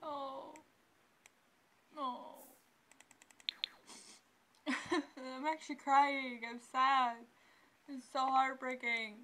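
A young woman talks through her gameplay in a loose, chatty way, often breaking into exclamations. Her voice sits a little high, and she takes her time with the words. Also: steady tone, slow pace, pushed and bright, slight background noise. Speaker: gameplay commentator. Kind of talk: casual let's-play commentary.

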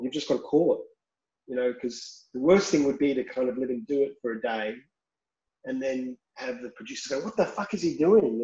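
A man's voice: mid-range voice, darkish tone. A man, a film director talking frankly in an interview and swearing casually. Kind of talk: candid interview talk. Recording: roomy, slightly dull recording.

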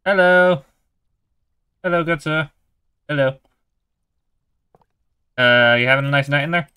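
A man's voice: fairly high pitch, a little slow, pushed and bright, clean tone. A man putting on a put-on British accent to play an overly polite man greeting someone through a window. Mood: mock polite. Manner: mock-courteous, formal greetings.

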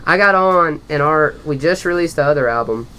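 A man, a guest musician and lead guitarist, chatting eagerly in quick bursts with restarts in a hot backyard shed. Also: on the high side, lively intonation, bright, forceful tone, a little hiss or hum. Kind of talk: casual interview chat.

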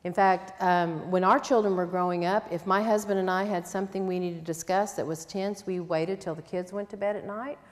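A woman's voice: fairly low pitch, fairly even intonation, a little fast, hardly any pauses. An older woman teaching a conference sermon on parenting, earnest and plain-spoken, with quoted asides. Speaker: conference speaker. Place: church conference hall. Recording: long reverb in a hall.

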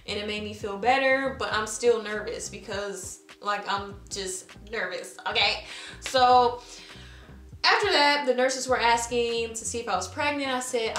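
A woman with a fairly high voice tells a personal story in a casual vlog. She is chatty and leans on fillers, slipping into her own past nervous words as she goes. Her voice rings a little in an echoey room. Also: fairly quick, a bit bright.

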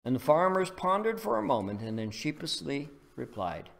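A male pastor preaching a sermon, telling a story and leading a prayer in an earnest, deliberate way. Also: on the high side, sing-song, gravelly.

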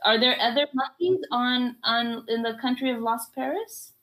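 A woman's voice: on the high side, normal speed, a bit bright. A woman hosting a playful pretend interview with a child in an improv exercise, using a theatrical, encouraging reporter tone.

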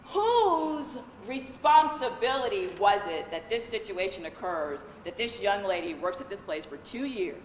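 Woman corporate trainer, lawyer, live talk, audience questions, high lively voice, echoey hall, long reverb. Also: normal speed, few pauses, a little hiss or hum. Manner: animated, engages the audience with questions.

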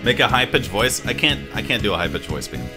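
A man's voice: on the low side, sing-song, fairly quick, music in the background. A man streaming a game, chatting casually with his viewers in a joking, profane way. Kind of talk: casual gaming commentary.

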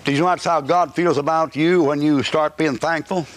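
A man's voice: fairly high pitch, fairly even intonation, normal speed, slight background noise. A man preaching a live sermon at a church service, folksy and joking, rambling with restarts. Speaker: pastor.

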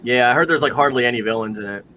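A young man from New York with a New York accent, chatting casually while reacting to a live stream, full of "like" and quick laughs. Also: medium pitch, sharp tone, a little hiss or hum.

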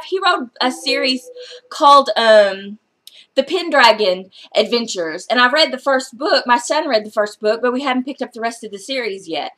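A woman book vlogger chatting casually through her book haul, excitable and gushing, with some casual swearing. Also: a little high.

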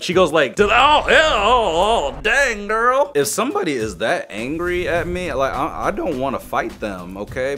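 A young man hosting a comic reaction video, reacting with loud exclamations and quick jokey asides. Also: mid-range voice.

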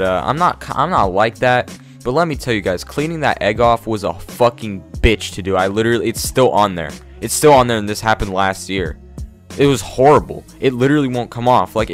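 A young man vlogger telling an animated, profane story in casual talk. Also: lowish voice. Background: faint background music.

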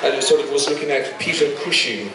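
A man speaking as a guest on a convention panel, effusive and animated, often restarting his sentences. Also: medium pitch, quick pace. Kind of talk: casual panel talk. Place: large convention hall. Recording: echoey hall, far-off mic, crowd noise.

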